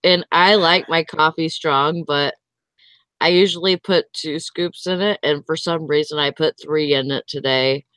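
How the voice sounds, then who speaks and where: Chatty woman with a smooth, dry voice. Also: low-pitched, fairly even intonation, a little slow, fairly bright tone, dry recording. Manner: rambling, chatty, with fillers. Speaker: livestream host. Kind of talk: casual chat.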